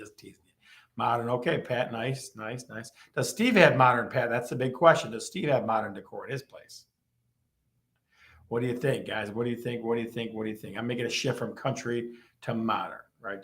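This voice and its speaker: A man hosting a live stream, teasing viewers and repeating his questions to the chat in a lively way. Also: mid-range voice.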